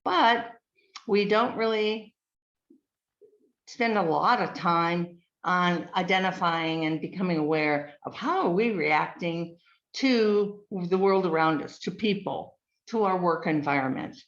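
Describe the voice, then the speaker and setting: A woman giving a slide presentation, speaking in a measured way, listing words with frequent ums. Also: on the low side. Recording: dull lo-fi recording.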